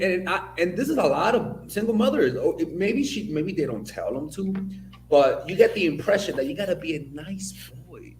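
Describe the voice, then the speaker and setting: A man from the Dominican Republic giving a blunt, profane commentary monologue, with animated storytelling. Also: a little high, reverberant, slight background noise. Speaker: video commentator.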